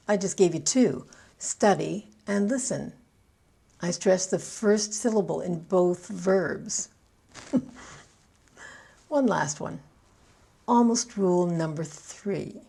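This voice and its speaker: A woman with a Canadian accent coaching English pronunciation, speaking slowly and deliberately, with light laughs and words repeated to model their stress. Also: on the low side, gravelly, dark tone, slightly rough. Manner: light laughs between points. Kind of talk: scripted teaching monologue.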